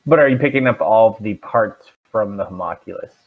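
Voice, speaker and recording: A man's voice: on the low side, fairly quick. A man as dungeon master, narrating a tabletop game and asking the players questions, thinking aloud with fillers. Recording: dull lo-fi stream audio.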